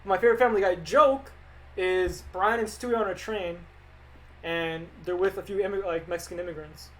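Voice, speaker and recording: A man's voice: high voice, fairly quick, fairly bright tone, a little hiss or hum, rough recording. A young man streaming live as an animator, answering viewer questions in an offhand, rambling, joking way. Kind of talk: casual livestream chat answering viewer questions.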